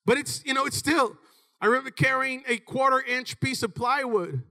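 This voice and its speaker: A high-voiced man in his thirties preaching with real energy, his tone bright and forceful. He talks to the congregation in quick bursts and sometimes pushes into a shout. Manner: animated, shouts in bursts, calls out "Amen?" to the congregation. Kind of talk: sermon.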